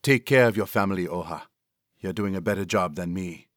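A man reading a story aloud, voicing a grieving young woman who speaks quietly and subdued, close to a whisper. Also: sits low, a little fast, no echo. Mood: numb, tearful.

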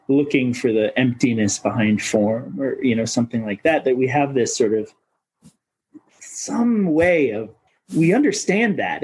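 A man's voice: mid-range voice, a little mellow, slightly rough, low-quality recording. A man from Minnesota, a coach of coaches, talking as a podcast guest in a searching, philosophical way and swearing casually. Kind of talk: reflective podcast conversation.

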